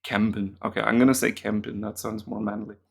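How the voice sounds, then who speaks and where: Muttering answers as he goes, a man who teaches German works through a language app in a chatty, self-mocking way. He talks fast with a level tone, and his voice is on the low side, gravelly and slightly rough.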